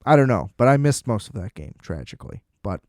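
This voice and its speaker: A man's voice: on the low side, big pitch swings, fast, darkish tone, no room sound, studio quality. A man hosting a podcast, ranting about football in a blunt, profane, sarcastic way. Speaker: podcast host. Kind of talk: ranting sports commentary.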